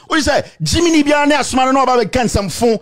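A man with a Ghanaian accent delivering an angry, insulting rant to the camera, repeating himself and shouting. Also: very high voice, animated, brisk. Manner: shouting, insulting, repetitive tirade. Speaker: political commentator.

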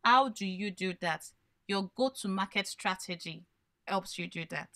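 A woman's voice: mid-range voice, unhurried, bright, forceful tone. A woman coaching small business owners in a live workshop, explaining by posing questions and then answering them. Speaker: branding coach.

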